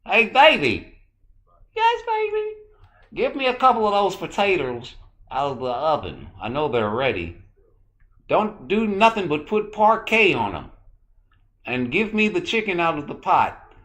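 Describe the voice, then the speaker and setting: A man voicing a fussy high-voiced husband ordering his wife around about dinner, in a mocking, exaggerated falsetto caricature. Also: wildly swooping pitch, unhurried, pauses often, fairly bright tone, exaggerated voice. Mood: bossy.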